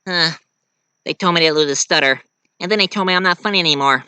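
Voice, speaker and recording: A man's voice: on the high side, fast talker, sharp tone, smooth, no echo. A man doing a stuttering cartoon pig. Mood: sheepish.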